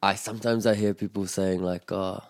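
A man teaching Māori phrases in a relaxed conversational lesson, modelling each phrase with lively intonation. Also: sits low, normal speed, no room sound, clean studio sound. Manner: explains phrases, models them with expressive intonation.

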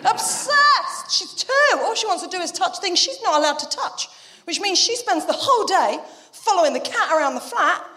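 A young adult woman doing live stand-up, telling stories quickly and animatedly with swearing and asides. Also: extremely high pitch, expressive, a bit bright, long reverb tail. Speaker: stand-up comedian.

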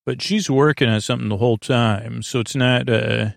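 A man's voice: medium pitch, fairly even intonation, moderate pace, creaky, no echo, studio quality. A man hosting a podcast, rambling through a casual episode recap with lots of fillers. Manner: rambling, filler-heavy retelling. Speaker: podcast host.

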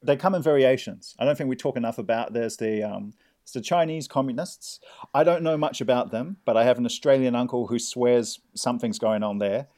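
A man, a comedy correspondent riffing in improvised banter with a rambling, deadpan delivery full of restarts. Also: medium pitch, a little fast. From New Zealand.

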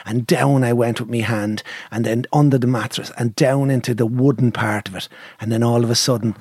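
A man's voice: mid-range voice, fairly even intonation, fairly quick, a little mellow, breathy edge, dry recording. An Irish man, middle-aged, telling a long anecdote in casual chat, swearing freely and acting out what people said.

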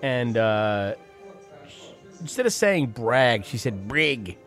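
A man's voice: mid-range voice, sing-song, takes it slowly, soft background music. A middle-aged man hosting a show, giving casual, sardonic commentary over clips. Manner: sardonic, mocking asides. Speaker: radio host.

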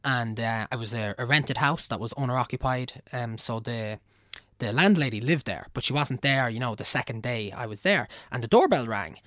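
A man's voice: medium pitch, expressive, normal speed, fairly bright tone, dry recording, clean studio sound. Wry Irish man with a Navan accent. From Ireland. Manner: wry, rambling, chuckling. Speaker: guest. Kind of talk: casual storytelling.

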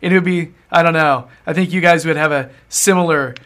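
A man's voice: fairly high pitch, a little fast, fairly bright tone. A young man, hosting a casual podcast and rambling with easy laughs and casual swearing. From American South. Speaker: podcast host.

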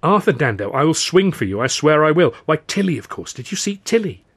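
A man voicing an excitable young woman friend who teases and scolds, in an audiobook reading. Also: mid-range voice, brisk, husky, no room sound, voice pushed up. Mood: eager, scolding. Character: lively exasperated young woman friend, teasing.

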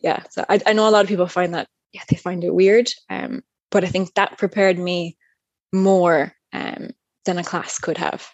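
A woman's voice: fairly low pitch, fairly even intonation, moderate pace, no echo, dull audio. A woman telling her birth story as an interview guest, candid and rambling, with plenty of fillers and laughs. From United States. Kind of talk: casual chat.

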